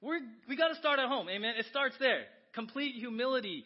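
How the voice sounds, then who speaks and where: A pastor preaching a sermon, conversational and lively, often asking the congregation questions. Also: male voice, very high-pitched, fairly quick, highs cut off. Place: church.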